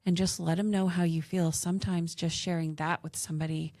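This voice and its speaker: A woman's voice: lowish voice, little pitch movement, fairly quick, a little mellow, dry recording, studio quality. A woman with a Southern American accent hosting a faith-based podcast, speaking in an earnest, encouraging way. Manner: earnest, encouraging, giggly in bloopers. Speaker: podcast host. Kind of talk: casual podcast chat with faith reflection.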